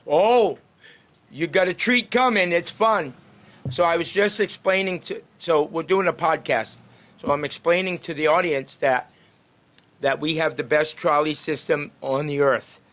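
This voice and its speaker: A man's voice: a little high, unhurried, a bit bright. A man working as a street greeter and podcast host, chatting casually and cheerfully with passersby outdoors on a town street and laughing often.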